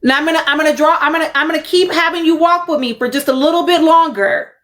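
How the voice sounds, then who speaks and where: A woman's voice: sits high, fast, a bit bright. A young adult woman, hosting a casual commentary livestream, emphatic and fond of repeating her points. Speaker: livestream host.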